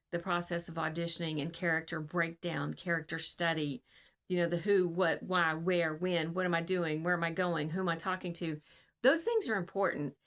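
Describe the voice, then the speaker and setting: Woman casting director, lowish voice, casual and earnest advice to camera, rambling with lots of fillers, video call. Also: a bit bright.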